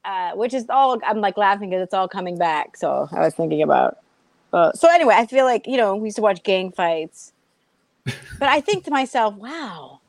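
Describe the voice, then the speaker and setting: A young woman comedian from Massachusetts, speaking with a Boston-area American accent, chats as a guest in a casual interview. Her medium-pitched voice moves at a moderate pace with some vocal fry and no echo. She's an animated, sarcastic storyteller who acts out the voices of the people in her stories.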